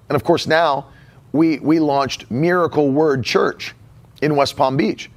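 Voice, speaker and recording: A man's voice: a little high, fairly even intonation, unhurried. Casting: male pastor, somewhat raised voice, preaching with emphatic repetition. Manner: emphatic, repeats key phrases. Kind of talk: sermon.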